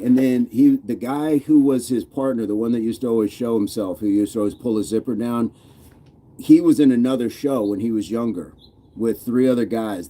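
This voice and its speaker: Laid-back man with a mellow low voice. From United States. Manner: reads viewer comments aloud, chuckling, loose and playful. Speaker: fitness channel host reading live chat. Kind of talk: casual live-stream chat.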